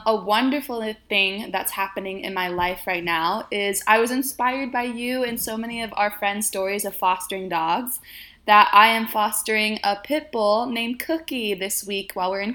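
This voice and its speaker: Upbeat woman, excited chatter w friends, lots of woo's. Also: medium pitch, moderate pace. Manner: enthusiastic, exclamatory. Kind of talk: casual chat.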